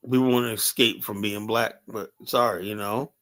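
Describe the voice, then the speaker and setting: A man's voice: on the low side, fairly even intonation, moderate pace, a bit bright. A man with hosting a show, talking in a blunt, rambling, profane way and stopping to ask his co-host whether he agrees. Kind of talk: casual opinionated monologue.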